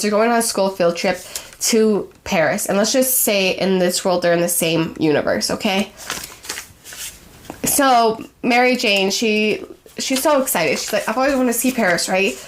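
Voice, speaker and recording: A woman's voice: mid-range voice, a little hiss or hum. A young woman hosting a fandom video, chatting playfully and telling a made-up story, quoting characters in her own voice. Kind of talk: casual storytelling to camera.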